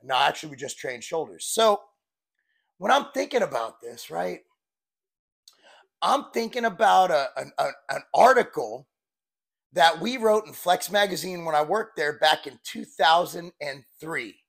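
Gravelly forties guy, fitness coach, high-ish voice, blunt and rambly, swears a bit. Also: lively intonation, measured pace, fairly bright tone. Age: 40s. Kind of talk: casual vlog talk.

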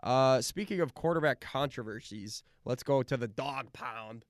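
Man, mid-pitched voice, casual sports chat, rambling restarts, dry close mic. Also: moderate pace, no echo. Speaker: sports podcast co-host.

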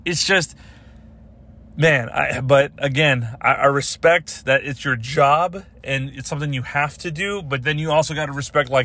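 A man's voice: mid-range voice, moderate pace. A young adult man hosting a podcast, ranting casually and profanely, telling stories and acting out the people in them. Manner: animated, profane storytelling with voiced quotes. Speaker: podcast host. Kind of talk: casual solo podcast rant.

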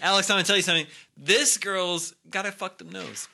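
A man's voice: high-pitched, fairly quick, creaky, bright, forceful tone. A man hosting a podcast, reading listener letters aloud and chatting in a wry, upbeat way. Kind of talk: casual comedic chat.

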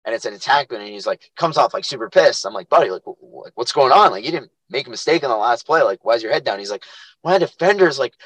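A young man co-hosting a casual podcast, an animated storyteller who acts out the quotes in his anecdotes. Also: mid-range voice, fast talker, hardly any pauses, husky, no room sound, low-quality recording. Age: young adult. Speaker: podcast co-host and youth lacrosse coach. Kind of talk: casual chat.

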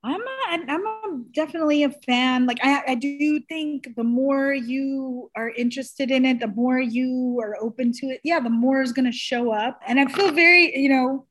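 A woman hosting a podcast, chatting casually in an animated, rambling way with frequent laughter and fillers. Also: high voice, normal speed, hardly any pauses. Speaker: podcast host. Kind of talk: casual chat.

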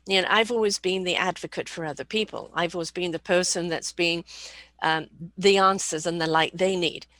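A woman's voice: fairly low pitch, normal speed, fairly bright tone, no room sound. A woman host speaking earnestly in a conversation, repeating phrases to stress her point. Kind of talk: casual interview talk.

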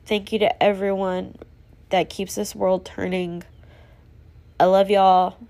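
Woman podcast host, gravelly mid-pitched voice, earnest and rambling, a bit winded. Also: flat delivery, slow, warm tone. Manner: rambling, earnest, self-reflective. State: running out of breath. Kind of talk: solo casual podcast monologue.

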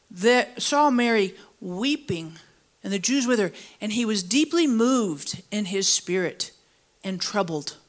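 Preaching to a congregation split between the sanctuary and an online stream, this high-voiced woman pastor delivers her sermon with energy. She pushes her pitch far up to stress points, then sinks low and slow, inviting the congregation to finish her sentences.

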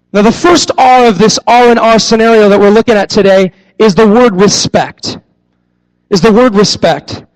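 A young man preaching a sermon as a youth pastor, repeating his key phrases for emphasis and acting out stories in lively voices. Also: high-pitched, poor audio. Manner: animated storytelling with acted-out voices.

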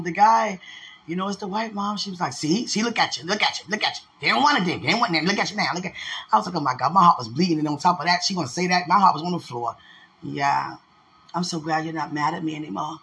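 Heartfelt woman talking straight to her partner, effusive and prayerful, with a bright, forceful edge. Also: fairly low pitch, a little hiss or hum. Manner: effusive, prayerful, repeats herself. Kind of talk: emotional casual talk.

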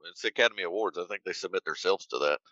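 A man's voice: sits low, very fast, bright, forceful tone, dry recording, dull audio. A man co-hosting a casual movie podcast, trading crude, teasing jokes with his co-host.

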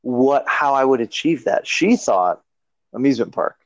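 A male podcast co-host talks casually, dropping wry, deadpan remarks. His voice sounds dull and close on a dry, lo-fi mic. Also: mid-range voice, normal speed, no room sound. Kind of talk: casual chat.

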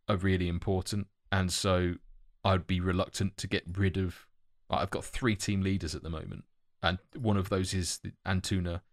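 A man's voice: deep voice, no echo, clean studio sound. A man co-hosting a casual podcast chat, talking in loose, self-correcting ramble with many fillers. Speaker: podcast co-host.

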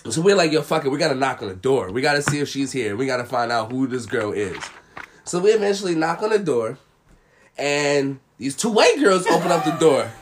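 Animated young man telling a story. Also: fairly high pitch, a little fast, slight background noise. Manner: animated, laughing, acts out quotes loudly. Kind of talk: casual storytelling chat.

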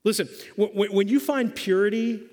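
A man's voice: sits high, moderate pace, a little mellow. A man preaching a sermon as pastor, emphatic and quizzing his congregation in a church hall. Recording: long hall reverb.

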